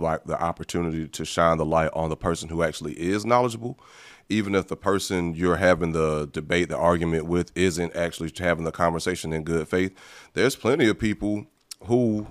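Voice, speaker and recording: Deep-voiced man rambling on a podcast. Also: fairly quick. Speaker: podcast co-host. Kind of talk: casual political chat.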